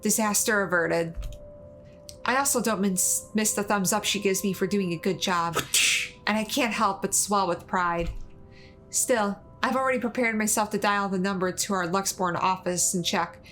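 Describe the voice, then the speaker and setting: A woman reads story narration from a game aloud at a steady, even pace, at an ordinary middle pitch. Faint music sits under her voice on this stream. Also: normal speed. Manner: steady, even reading, laughs often. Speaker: streamer reading a visual novel.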